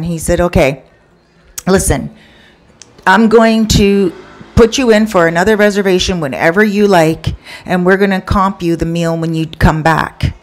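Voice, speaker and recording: A woman casually telling a true story, acting out everyone's lines with sudden jumps in pitch and chatty asides to the listener. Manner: retells with quoted dialogue, voicing each person with pitch jumps.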